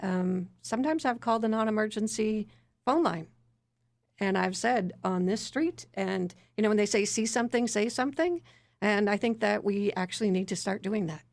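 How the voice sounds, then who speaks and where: A woman councillor speaks casually on a radio panel. Her voice is gravelly and strained, since she is losing it, and the sound is dry and close to the mic. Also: medium pitch, moderate pace, no room sound. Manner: casual, laughs lightly, relaxed delivery. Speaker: city councillor.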